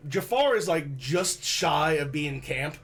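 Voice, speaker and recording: A man co-hosting a board game show, chatting in an animated way and often restarting his sentences. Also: fairly high pitch, slow, background noise. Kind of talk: casual chat while playing a board game.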